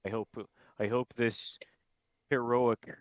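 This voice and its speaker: A man voicing a bitter, brooding cloaked vigilante in a gruff put-on Irish accent. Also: mid-range voice, little pitch movement, slow pace, no echo, muffled recording, natural voice.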